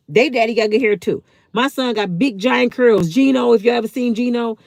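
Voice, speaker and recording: A woman's voice: fairly high pitch, animated, a little fast, darkish tone, no room sound. A woman in her fifties hosting a live stream, answering her chat in a heated, blunt way and swearing freely. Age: 50s. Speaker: channel host.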